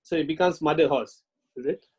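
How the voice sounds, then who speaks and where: A young man taking part in an online class, asking questions hesitantly with many pauses. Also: fairly high pitch, darkish tone, slightly rough, highs cut off. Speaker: workshop participant.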